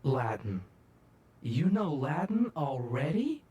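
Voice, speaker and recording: A woman's voice: rumbling low, big pitch swings, slow, mellow, lo-fi sound, full character voice. A woman voicing a playful, flirty female fox animatronic with a teasing, affectionate manner.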